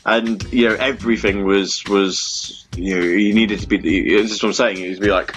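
A man's voice: low voice, steady tone, normal speed, hardly any pauses, fairly bright tone, soft background music. A man hosting a casual fan radio show, rambling and interrupting himself, from England. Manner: rambling, self-interrupting, puts on voices. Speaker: podcast host.

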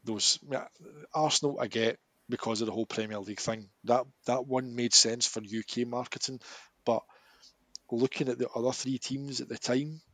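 Animated Scottish man, slightly husky. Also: mid-range voice, normal speed, no echo. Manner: animated, laughs often, emphatic rants. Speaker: podcast co-host. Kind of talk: casual chat.

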